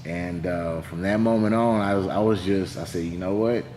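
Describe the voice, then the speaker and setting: A man's voice: low-pitched, normal speed, darkish tone, a little hiss or hum. A man, a heavyweight fighter, telling his story in an interview in a loose, rambling way with lots of fillers and quoted dialogue. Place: gym. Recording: echoey room.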